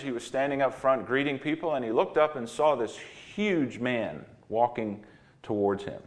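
A male pastor delivers a sermon in a mid-range voice, moving between quiet reflection and emphatic repetition. His storytelling is earnest and steady. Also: mid-range voice.

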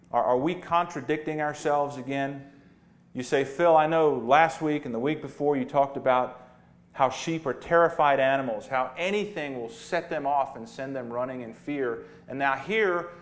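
A man preaching a sermon as pastor, animated and dramatic, building to emphatic high points.

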